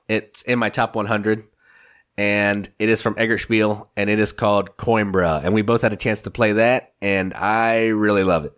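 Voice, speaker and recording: A man's voice: on the low side, a bit bright. A man co-hosting a board game podcast in casual chat, upbeat and enthusiastic, laughing often. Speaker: podcast co-host.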